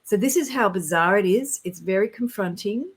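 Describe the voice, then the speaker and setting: A woman telling of spiritual experiences in a casual conversation, earnest and rambling, and quick to get excited. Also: mid-range voice, slightly rough, poor audio. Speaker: guest sharing spiritual experiences.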